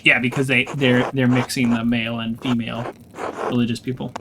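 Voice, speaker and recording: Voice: medium pitch, level tone, fairly quick, noisy background. A gamer giving let's play commentary, thinking aloud and often sounding confused while reading the game's text aloud. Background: game music.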